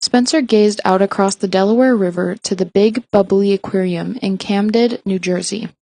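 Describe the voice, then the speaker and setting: A woman reading a novel aloud as narrator, in an even pace with small slips and restarts. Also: mid-range voice, normal speed. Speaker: audiobook reader. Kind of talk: read-aloud fiction narration.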